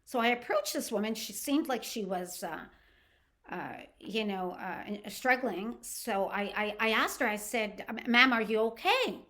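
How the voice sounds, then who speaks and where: A middle-aged woman from Canada, a podcast host telling a personal story in a casual, animated way with frequent restarts. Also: mid-range voice, measured pace.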